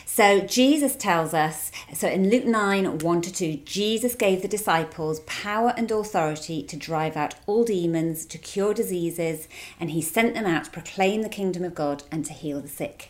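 A woman with a somewhat low voice, speaking in a relaxed, conversational teaching manner with small restarts. She is from England and was recorded outdoors at her home. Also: normal speed. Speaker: guest speaker. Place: outdoors at their home, front yard.

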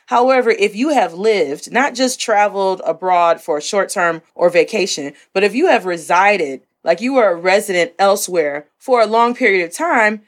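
An American woman hosts an interview over a video call. She talks in a mid-pitched voice. She sounds animated and enthusiastic about her topic. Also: moderate pace, hardly any pauses. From United States. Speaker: host. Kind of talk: casual interview chat.

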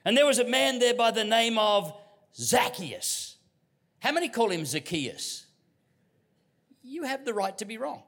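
A middle-aged Australian man from Queensland preaching a sermon as a guest pastor, telling stories with humor and dropping to hushed tones. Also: extremely high pitch, animated, normal speed. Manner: storytelling with humor, dynamic swings from loud to hushed. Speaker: visiting pastor.

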